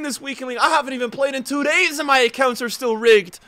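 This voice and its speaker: A young man commentating his own football video game match as a streamer, swinging from low muttering to loud outbursts. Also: fast talker, few pauses, no room sound. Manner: emotional, swings from muttering to shouting. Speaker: gaming streamer. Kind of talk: live gameplay commentary.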